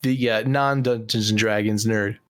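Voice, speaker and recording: A man's voice: lowish voice, steady tone, normal speed, fairly bright tone, clear, resonant tone, dry recording, studio quality. A man co-hosting a podcast, teasing his friends and reasoning things through in casual chat. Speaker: podcast co-host.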